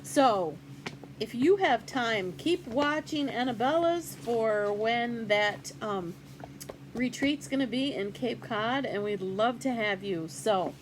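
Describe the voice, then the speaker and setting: A woman's voice: on the high side, slow, noisy background. An older woman hosting a casual cross-stitch vlog, chatty and rambling with fillers as she shows off gifts. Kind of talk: casual show-and-tell vlog.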